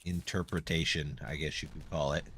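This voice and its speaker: A man's voice: extremely low pitch, fairly even intonation, normal speed, fairly bright tone, husky, dry recording, faint music behind. A man live-streaming a game and chatting casually with viewers, answering their comments in a loose, self-deprecating way. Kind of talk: casual live-stream chat while gaming.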